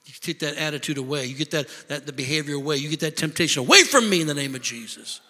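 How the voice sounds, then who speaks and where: A man preaching a sermon, telling stories with lively voices and shouted lines for emphasis. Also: a little high, quick pace, in a large hall. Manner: animated storytelling, shouting for emphasis. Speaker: pastor.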